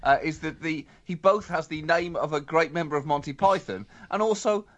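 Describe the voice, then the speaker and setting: A man's voice: a little high, normal speed, fairly bright tone, lo-fi sound. A man co-hosting a satirical comedy podcast in a sardonic, mock-exasperated way, groaning at his partner's puns. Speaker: co-host.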